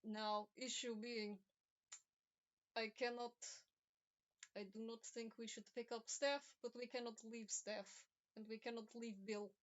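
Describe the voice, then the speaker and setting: A woman voicing a stern, formal grey toon stranger who speaks in slow, clipped phrases. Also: on the high side, level tone, highs cut off, lightly acted. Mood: deliberate.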